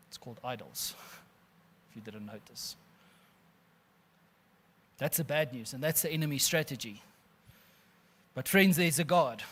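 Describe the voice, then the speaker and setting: A pastor preaching an animated sermon, calling listeners friends and laughing often. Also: male voice, on the high side.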